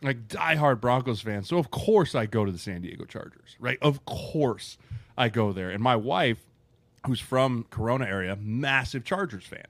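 A man's voice: medium pitch, expressive, normal speed, fairly bright tone, dry recording. A man from Denver, a former player turned agent, chatting casually on a podcast and often tagging his points with "right?". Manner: conversational, says "right?" and "like" often. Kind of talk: casual chat.

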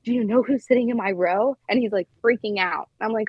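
A woman's voice: on the high side, a little fast, few pauses, slightly rough, no echo, highs cut off. A young woman in her twenties, a flight attendant, chatting casually and telling stories full of "like". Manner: chatty storytelling, lots of "like". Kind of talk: casual podcast chat.

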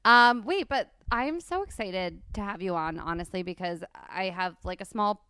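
A woman's voice: mid-range voice, animated, moderate pace, bright, forceful tone, clean tone, no echo, studio quality. A woman from New Jersey hosting a podcast. She chats casually, giggles often and fills her talk with "like". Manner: giggly, chatty, many likes. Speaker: podcast host. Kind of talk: casual chat.

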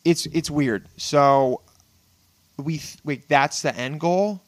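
A man's voice: a little high, slow, no echo. Loose, profane young man guest. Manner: loose, profane, self-mocking, laughing. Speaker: podcast guest. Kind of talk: casual podcast chat.

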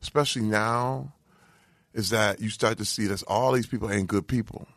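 A man from Flint, Michigan, telling lively stories as a guest, often acting out what people said. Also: lowish voice, moderate pace, no room sound. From Flint, Michigan, USA. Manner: animated, acts out quoted voices. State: emotional. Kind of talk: casual interview storytelling.

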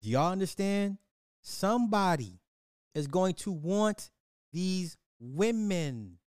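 Slow, theatrical man hosting a podcast. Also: high voice, big pitch swings, darkish tone, clear, resonant tone, no echo, studio quality. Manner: slow, drawn-out, repetitive and theatrical. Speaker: podcast host. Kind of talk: social commentary podcast.

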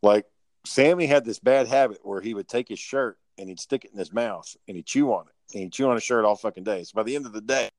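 A man's voice: on the low side, fast talker, no echo, poor audio. Rambling, swearing man in casual talk. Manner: rambling, profane, with many restarts. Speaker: storyteller in a casual chat. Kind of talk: casual profane chat among friends.

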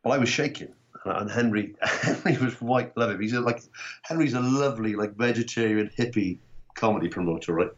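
A Welsh man telling rugby and comedy stories in casual chat, animated and swearing freely. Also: on the low side, a little fast, muffled recording. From Wales. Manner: animated storytelling, swearing, acting out quotes. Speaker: guest comedian.

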